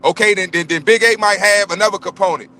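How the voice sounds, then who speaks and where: Blunt, profane man ranting, high bright voice. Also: fast talker, slight background noise. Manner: profane, blunt, emphatic, repeats himself. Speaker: livestream panelist. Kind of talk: heated casual rant. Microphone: remote livestream call.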